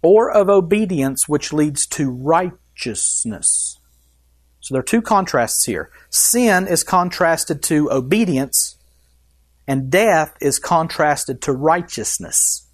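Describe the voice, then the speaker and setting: A man's voice: a little high, expressive, slow pace. Emphatic male pastor preaching. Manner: emphatic, asks the congregation questions. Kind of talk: sermon.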